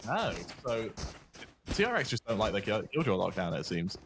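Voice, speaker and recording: A man casting an esports match, giving brisk play-by-play and joking with his co-caster. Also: fairly low pitch, sing-song, noisy background. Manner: joking, puts on a mock Australian voice. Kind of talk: play-by-play commentary.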